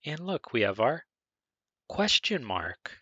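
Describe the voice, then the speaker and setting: A man teaching a beginner English grammar lesson over a screen recording, speaking slowly and deliberately, spelling words out and stressing question intonation. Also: mid-range voice, sing-song, pushed and bright, no echo, lo-fi sound.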